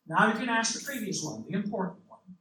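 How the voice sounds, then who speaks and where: A man voicing God as a calm, omniscient male figure with a mellifluous tenor voice and a patient, gently wry manner, in a storybook reading. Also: high voice, a little fast, exaggerated voice. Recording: roomy, distant mic, faint hiss.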